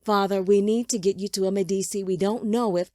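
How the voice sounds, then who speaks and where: A woman's voice: medium pitch, steady tone, unhurried, warm tone, no echo, studio quality, natural voice. A woman voicing an anxious young son who pleads urgently with his father. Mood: pleading.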